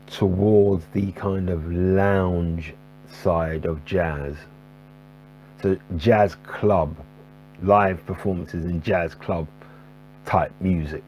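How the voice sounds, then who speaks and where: Talking to camera about his jazz records, a man rambles casually, full of fillers and restarts. His voice is low and warm, and the poor audio carries a faint electrical buzzing hum.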